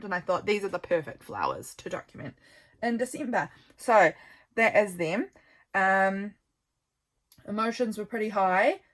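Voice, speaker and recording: A young woman with a New Zealand accent, chatting casually and rambling as she flips through her journal, tired and yawning. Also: medium pitch. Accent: New Zealand English. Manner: chatty, rambling, warm asides to viewers. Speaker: journaling vlogger. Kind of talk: casual flip-through chat. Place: home.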